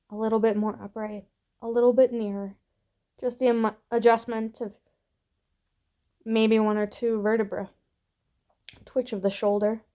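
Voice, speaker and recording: A woman reading a story aloud in a slow, soft, gentle voice that sometimes drops to a hush. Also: mid-range voice. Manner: slow, soft and gentle, dropping to hushed whispers. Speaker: reader.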